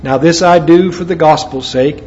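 Speaking at a moderate pace in a somewhat high, slightly mellow voice, an American preacher alternates between reading scripture and offering folksy side comments. The audio is muffled, low-fidelity, and carries a faint hum of background noise.

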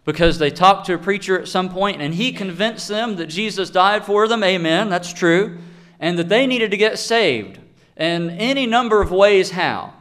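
A man preaching a sermon in an emphatic way, slowing down to stress key phrases. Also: high-pitched, lively intonation, fairly bright tone. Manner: emphatic, with deliberate slowed phrases.

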